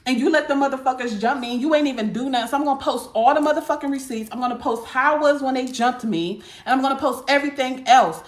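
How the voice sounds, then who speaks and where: A woman's voice: high-pitched, quick pace, hardly any pauses. A woman telling a casual storytime to her viewers, blunt and profane, talking straight to them as y'all. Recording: echoey room.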